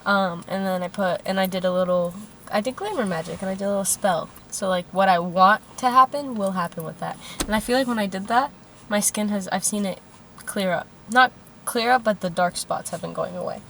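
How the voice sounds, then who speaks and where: A woman's voice: medium pitch, brisk, vocal fry, a bit bright, a little hiss or hum. A young woman co-hosting a podcast, chatting casually and swearing now and then while sitting in a car. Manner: chatty, loose, swears casually, trails off into fillers. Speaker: podcast co-host. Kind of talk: casual chat. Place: inside a parked car.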